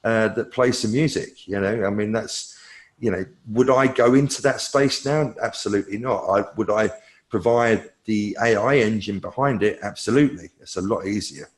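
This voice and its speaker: A man's voice: on the low side, normal speed. A man, a technology analyst, answering questions in a conversational way, thinking aloud with fillers and restarts. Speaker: cloud technology analyst, guest.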